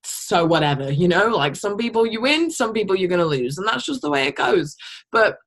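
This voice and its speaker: A woman's voice: medium pitch, very animated, brisk. A young woman leading a team call, talking bluntly, swearing casually and rambling as she pushes her team. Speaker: team leader. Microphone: call microphone.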